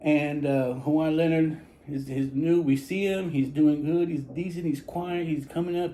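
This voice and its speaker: Rambling man, mellow voice. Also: a little high, fairly even intonation, normal speed, poor audio. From San Antonio, Texas. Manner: rambling, repeats himself, many restarts. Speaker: barber talking basketball. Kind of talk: casual monologue to camera.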